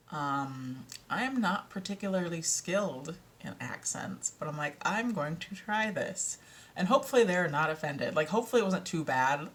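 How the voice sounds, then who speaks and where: A young woman chatting excitedly to camera at home, giggly and talkative, about her audiobook narration work. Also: sits low. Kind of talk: casual chat to camera. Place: at home, indoors.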